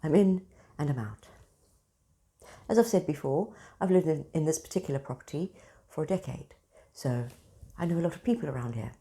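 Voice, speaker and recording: Animated woman telling a story. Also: sits low, a little fast. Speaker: spiritual centre host. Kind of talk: casual storytelling monologue.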